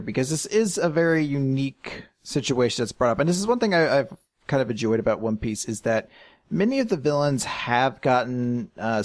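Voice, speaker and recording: A man's voice: mid-range voice, no echo. Dry-sounding man rambling in podcast chat. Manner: rambling, tangents with restarts and laughs. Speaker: podcast co-host. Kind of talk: casual recap chat.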